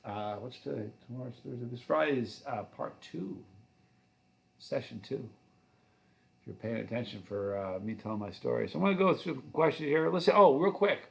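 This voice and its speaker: A man's voice: mid-range voice, animated, moderate pace, vocal fry. A middle-aged man hosting a livestream, answering viewer comments in a loose, rambling, friendly way with many restarts. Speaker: channel host.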